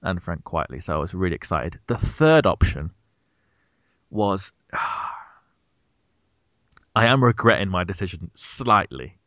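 In a dry recording, a British podcast co-host in his thirties speaks at normal speed while recounting a funny story in casual conversation. He acts out the quotes animatedly, his pitch leaping on each one.

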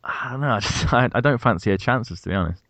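A man's voice: mid-range voice, animated, fast talker, fairly bright tone, no room sound. A man co-hosting a podcast in casual banter, dry and joking, laughing often. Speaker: podcast co-host.

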